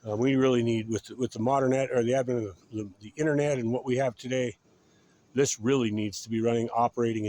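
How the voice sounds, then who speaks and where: A man's voice: mid-range voice, darkish tone. A man hosting a casual outdoor vlog, out of breath and rambling with lots of fillers. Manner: rambling, fills pauses with "uh" and "so". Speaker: channel host. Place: outdoors beside a road.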